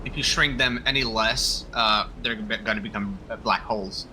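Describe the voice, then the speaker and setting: A man's voice: on the low side, normal speed, sharp tone, a little hiss or hum, rough recording. A man playing a co-op game with friends, making teasing jokes in voice chat. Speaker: co-op player. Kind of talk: casual gaming chat.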